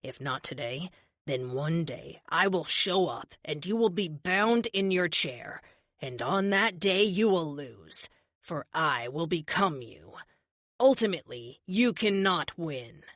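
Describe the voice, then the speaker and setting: A smug, self-assured villain from a superhero audiobook, voiced by a woman. He talks down slowly and deliberately in a lower register. Dry, close recording. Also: animated, fairly bright tone, dry recording. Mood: smug menace. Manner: slow, condescending, self-assured. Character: smug, menacing man, centuries-old villain.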